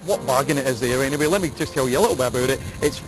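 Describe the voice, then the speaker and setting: A man's voice: mid-range voice, poor audio. A man co-hosting a show, bantering casually and jokily while promoting local venues. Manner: brisk, jokey, chatty. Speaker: co-host. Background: music.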